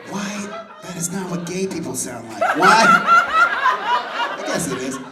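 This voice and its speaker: A man's voice: on the high side, lively intonation, quick pace, recorded from a distance. Campy flamboyant man on a pub stage. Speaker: comedian in a debate show. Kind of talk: comic debate in character as a flamboyant gay nightclub owner. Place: pub stage with a live audience. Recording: roomy live recording from off-mic, audience noise.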